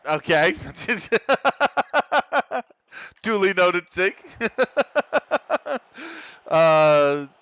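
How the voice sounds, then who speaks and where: A man's voice: high voice, sing-song, extremely slow, pauses often, a bit bright, no room sound. An almost middle-aged American man streaming a football management game, chatting casually with viewers and swearing often. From United States. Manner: swears often, frustrated at the match, reads chat. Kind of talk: casual gaming stream chat.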